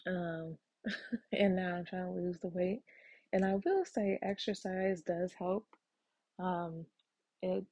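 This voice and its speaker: A woman's voice: lowish voice, warm tone, slightly rough, no room sound, dull audio. A woman hosting a casual solo podcast, talking frankly with lots of ums and casual swearing. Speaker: podcast host.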